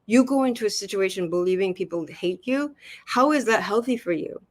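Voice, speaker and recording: A woman's voice: mid-range voice, expressive, a little fast. A woman in a heated casual chat, earnest and insistent, repeating herself to hold the floor.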